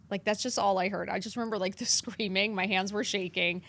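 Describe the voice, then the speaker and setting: A woman in her fifties from New York, with a New York accent, telling her story as a podcast guest, animated and acting out her past lines in quotes. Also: mid-range voice, fairly quick, few pauses. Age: 50s. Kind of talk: candid interview storytelling.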